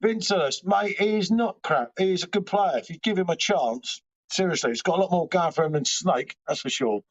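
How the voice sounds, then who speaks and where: A man's voice: high voice, expressive, moderate pace. A man hosting a live stream from home, rambling and swearing casually as he chats back to viewers' comments. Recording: dull lo-fi stream audio.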